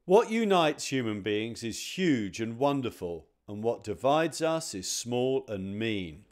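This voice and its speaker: A man's voice: mid-range voice, big pitch swings, slow pace, a little mellow. A man giving a whimsical, declamatory scripted narration. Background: music.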